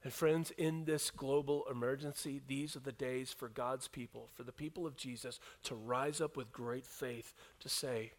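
A man preaching a sermon as a pastor, dropping to soft low asides and rising to loud, emphatic reading of scripture. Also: steady tone, normal speed, hardly any pauses.

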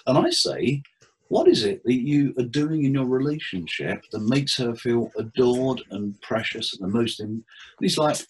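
Over poor audio, a husky man with a slightly breathy, middle-pitched voice speaks at normal speed as a therapist guest in a relaxed interview. He brings his cases to life as stories, performing clients' dialogue with sudden leaps upward in pitch.

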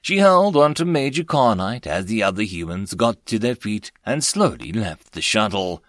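A man narrating a web-novel audiobook in an expressive storytelling manner, close to the mic. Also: fairly low pitch, normal speed, no room sound.

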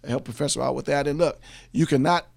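Gravelly, fast-talking radio host. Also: male voice, mid-range voice, darkish tone. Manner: rapid, repeats phone numbers and addresses slowly. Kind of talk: radio talk show.

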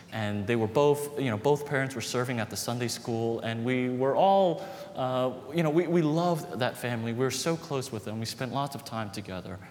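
A man in his thirties preaching a sermon, telling personal stories with lively rises and quiet drops. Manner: storytelling, animated with dips to quiet. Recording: reverberant hall with faint rumble.

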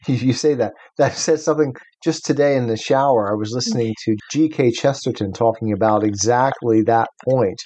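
A man's voice: mid-range voice, moderate pace, darkish tone, slightly rough. A man co-hosting a faith podcast, musing aloud in casual discussion with frequent restarts. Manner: thoughtful, hesitant, restarts sentences. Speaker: podcast co-host.

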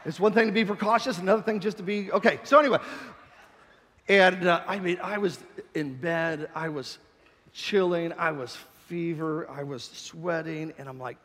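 High bright-voiced man preaching in a hall. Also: normal speed. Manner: passionate, rising to shouts, then quiet storytelling. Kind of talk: sermon.

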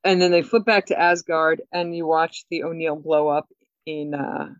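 A woman co-hosting a podcast, recapping a TV episode in casual chat, animated and laughing often. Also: low-pitched, moderate pace, no room sound. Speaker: podcast co-host. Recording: dull, dry sound.

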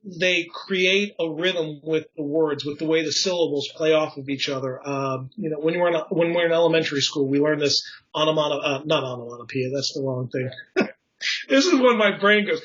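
A man's voice: on the high side, moderate pace, a bit bright, highs cut off. A man in casual conversation explaining poetry, rambling with restarts and fillers and chuckling at his own slips. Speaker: poetry enthusiast explaining craft.

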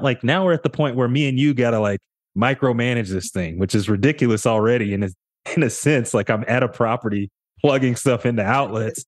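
Animated male podcast co-host, dry sound. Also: mid-range voice, brisk, no room sound. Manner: animated storyteller, often mimics others with a raised voice. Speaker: podcast co-host, real estate agent. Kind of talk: casual podcast storytelling.

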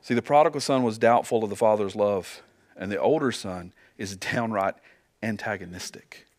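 A man's voice: lowish voice, normal speed, a little mellow. A man preaching a sermon as pastor, earnest, asking his listeners rhetorical questions and often repeating words as he goes.

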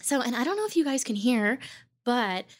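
A woman's voice: a little high, very animated, moderate pace. A woman hosting an interview, bubbly and full of fillers like "um" and "like". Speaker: host. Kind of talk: casual interview chat.

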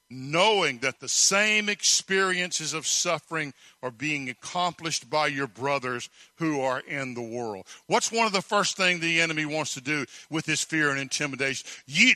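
A man's voice: on the high side, sharp tone, dry recording. A man preaching a sermon, telling stories emphatically and asking rhetorical questions. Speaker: pastor.

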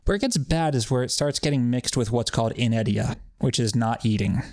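A man chatting on a podcast in a loose, rambling way, swearing freely and sounding sardonic. His voice is even and mid-pitched. It sounds dry and close, with no room around it. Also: a little fast, no room sound. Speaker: podcast co-host. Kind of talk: casual podcast chat.

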